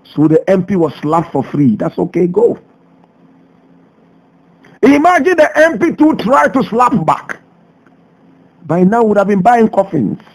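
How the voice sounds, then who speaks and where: A Ghanaian man hosting a radio show, delivering a passionate commentary full of rhetorical questions, swinging between loud outbursts and low asides. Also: big pitch swings, unhurried, pauses often, slightly rough, low-quality recording. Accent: Ghanaian English. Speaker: radio host. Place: radio studio.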